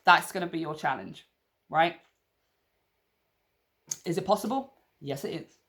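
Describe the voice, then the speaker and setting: Excitable woman giving a tarot reading. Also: on the low side, unhurried. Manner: excitable, gushing, chatty with sudden outbursts. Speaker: tarot reader. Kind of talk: casual tarot reading to camera.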